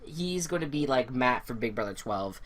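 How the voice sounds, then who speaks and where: A young woman co-hosting a casual recap podcast, loud and animated, laughing and swearing often. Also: extremely low pitch, normal speed. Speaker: podcast co-host.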